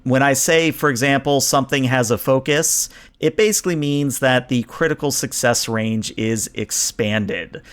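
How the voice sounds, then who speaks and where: A man narrating and explaining rules as game master of a science fiction tabletop game, relaxed and explanatory, slowing down for emphasis. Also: mid-range voice.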